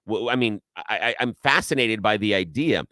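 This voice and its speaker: A man co-hosting a radio talk show, telling a rant-filled story in an animated way and acting out the people in it. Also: lowish voice, normal speed, no echo, clean studio sound. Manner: animated storyteller, acts out shouting quotes. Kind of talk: casual talk radio chat.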